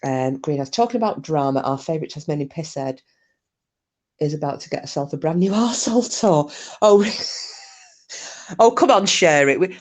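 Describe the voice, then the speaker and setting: A woman's voice: low voice, animated, fairly quick, long pauses. A woman hosts a casual livestream, reading comments aloud in a chatty, sweary way. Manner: chatty, sweary, laughs easily. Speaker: livestream host.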